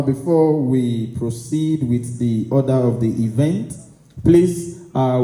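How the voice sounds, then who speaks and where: A man emcees a conference, stirring the crowd with call-and-response and demands for loud applause. His voice is deep and dark, with a slightly raised pitch. The hall gives his words a roomy echo. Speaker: event MC. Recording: echoey hall.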